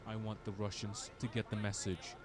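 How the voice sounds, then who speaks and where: An actor playing a crime boss in a game, giving orders in a matter-of-fact way. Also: male voice, fairly low pitch, level tone, normal speed, natural voice. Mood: commanding. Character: gruff male crime boss handing out jobs.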